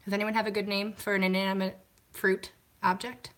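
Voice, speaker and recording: A woman's voice: medium pitch, level tone, brisk, a bit bright. A woman hosting a casual live stream at home, chatting to viewers, greeting them and answering comments while washing glasses by hand.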